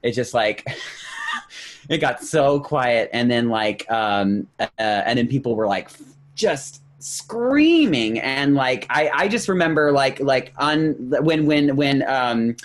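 Man co-host, lively storyteller, mid pitch, acts out quotes. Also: slow pace. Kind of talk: casual chat.

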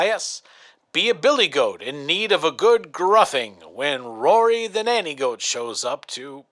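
Male host, slow and lively, dry mock-horror delivery for sponsor reads. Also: fairly high pitch. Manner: dry, mock-horrified commentary. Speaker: podcast host. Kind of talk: comedic sponsor read and show intro.

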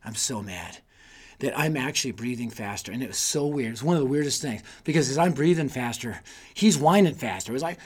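A man giving an energetic, sermon-style talk to youth leaders, telling stories and rallying them with repeated calls. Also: a little high, a little fast, breathy edge. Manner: energetic storytelling with repetition; exhorting, rallying listeners. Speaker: youth ministry speaker.

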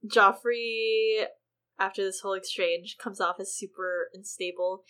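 A woman co-hosting a casual book discussion podcast, expressive and peppering her talk with "like" and "you know". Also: medium pitch, a little slow. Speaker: podcast co-host.

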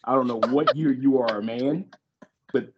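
A man's voice: medium pitch, moderate pace, very noisy. A man co-hosting a casual podcast chat, jumping in with questions. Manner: animated, jumps in with questions. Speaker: podcast co-host. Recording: dull lo-fi recording.

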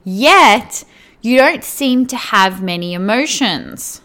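A woman's voice: on the high side, animated, slow, a bit bright. A woman coach giving earnest direct advice to the viewer, often checking in with "right?" and "okay?". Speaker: weight-loss coach.

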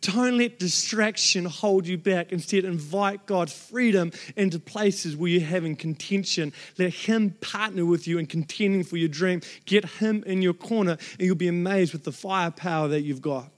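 A man preaching a sermon, telling a family story with lively acted-out voices. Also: sits high, normal speed, hardly any pauses. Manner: animated storyteller acting out quoted family voices. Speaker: pastor.

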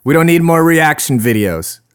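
A man's voice: on the high side, lively intonation, moderate pace, a bit bright, smooth, dry recording, studio quality. A man hosting a podcast, ranting in a loose, rambling way full of swearing. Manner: rambling, profane, laid-back. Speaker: podcast host. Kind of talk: casual profane rant. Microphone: close podcast mic.

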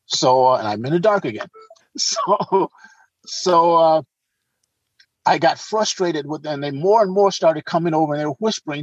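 A man, an actor interviewed as a guest, telling animated anecdotes in casual conversation, with frequent restarts. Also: a little high, normal speed, dry recording, lo-fi sound. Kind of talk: casual storytelling.

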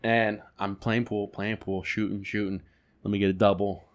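A man co-hosting a podcast, telling a story in a loose, animated way, swearing freely and acting out his own reactions. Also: lowish voice, normal speed. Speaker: podcast co-host. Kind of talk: casual storytelling.

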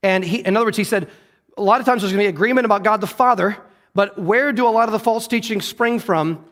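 A man's voice: sits high, fast, a bit bright, big-room sound. A man preaching a sermon, earnest and often repeating or correcting himself as he goes. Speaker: pastor.

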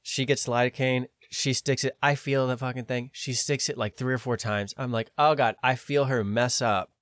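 A man's voice: mid-range voice, flat delivery, moderate pace, no echo, clean studio sound. A man on a podcast telling a long story in a casual way, quoting other people in his own voice and swearing now and then. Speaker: podcast host.

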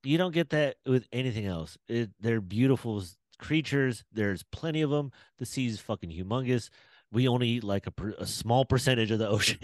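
A man's voice: mid-range voice, lively intonation, a little fast, dry recording. A man co-hosting a podcast, trading jokes and profane banter in casual chat. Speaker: podcast co-host.

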